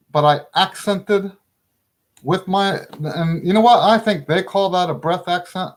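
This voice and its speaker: A middle-aged trumpet teacher runs a relaxed lesson in a chatty, casual way, his high voice sitting a little above the usual male range. He stresses his points emphatically and laughs often.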